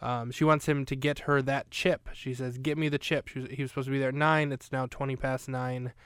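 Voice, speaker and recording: A man's voice: medium pitch, flat delivery, a little fast, a bit bright, clean tone, no room sound. A man hosting a podcast, recapping a film in casual, rambling chat full of fillers and restarts. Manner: rambling, chatty, with many fillers.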